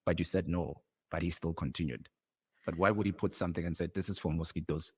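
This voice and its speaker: A man's voice: deep voice, steady tone, fast, husky, in a large hall. A man interviewing a guest in a played clip, asking probing, sympathetic questions. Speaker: podcast interviewer.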